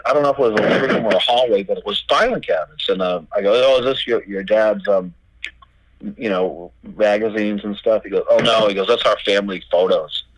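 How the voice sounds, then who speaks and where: Low, dry-voiced storyteller man. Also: a little fast, dry recording, low-quality recording. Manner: animated, acts out quoted dialogue, swears freely. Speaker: record label owner, guest. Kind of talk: casual storytelling interview.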